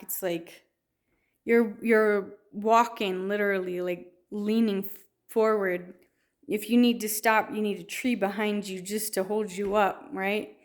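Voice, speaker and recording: A woman telling a personal faith story in a storytelling way, with many restarts and fillers. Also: mid-range voice. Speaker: testimony speaker.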